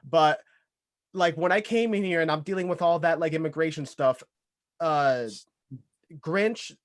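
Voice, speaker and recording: Enthusiastic man, higher voice. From Dominican Republic. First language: Spanish. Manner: enthusiastic, halting, restarts often. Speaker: podcast guest. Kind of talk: casual chat.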